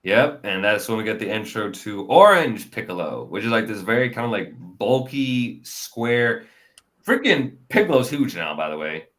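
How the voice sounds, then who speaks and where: A young man talks through a film in casual podcast chat. His pitch swings widely and his delivery is animated, with sudden loud bursts when he acts out characters. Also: moderate pace. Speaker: podcast co-host. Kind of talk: casual movie review chat.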